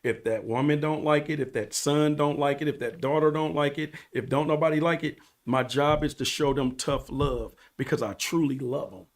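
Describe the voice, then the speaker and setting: Earnest man with a higher voice, preachy. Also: normal speed, few pauses. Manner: earnest, preachy, repeats for emphasis. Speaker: podcast guest. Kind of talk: casual storytelling interview.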